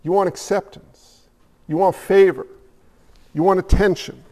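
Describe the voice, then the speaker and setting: A male preacher with a high, gravelly voice delivers a conversational sermon, stacking rhetorical questions and repeated phrases. His voice carries a long reverb, as if heard in a large hall. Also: fairly even intonation, a little slow, a little mellow. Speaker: pastor.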